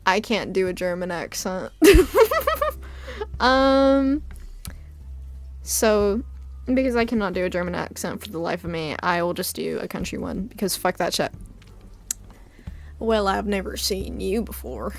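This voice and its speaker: A woman's voice: fairly low pitch, moderate pace, soft background music. A woman casually commenting while she plays a story game, laughing often and swearing freely. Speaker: gamer reading a visual novel aloud. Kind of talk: casual let's-play commentary.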